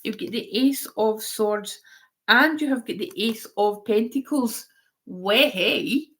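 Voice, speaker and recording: Lady doing tarot on a live stream, slowish and rambly, bit of a high voice. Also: a bit bright. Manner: chatty, rambling, goes off on tangents. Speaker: tarot reader.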